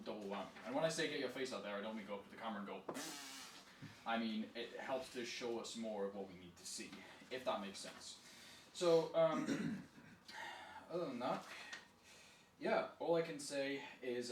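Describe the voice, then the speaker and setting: A man coaching a student through acting exercises, upbeat and encouraging, often laughing. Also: mid-range voice. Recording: echoey room from a distance with faint noise.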